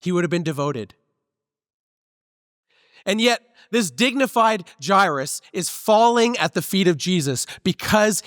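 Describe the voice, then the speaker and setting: Man, pastor, high voice, conversational sermon, close dry mic, long hall reverb. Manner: conversational, relaxed preaching with personal stories. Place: church sanctuary.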